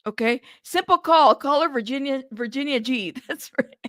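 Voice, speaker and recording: A woman's voice: high-pitched, normal speed, fairly bright tone, no echo, studio quality. A woman hosting a news livestream in casual chat, talking straight to her viewers and laughing at herself.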